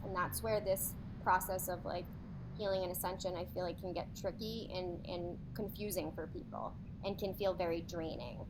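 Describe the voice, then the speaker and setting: Woman talking over a noisy rumble. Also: moderate pace. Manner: earnest, explanatory, quotes her own inner voice. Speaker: podcast co-host. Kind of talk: casual reflective talk on healing.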